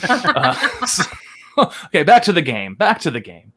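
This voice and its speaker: A man's voice: high voice, huge pitch swings, a little slow, bright, forceful tone. A man from Philadelphia co-hosting a casual online show, chatty and rambling, laughing often as he explains a game. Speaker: co-host.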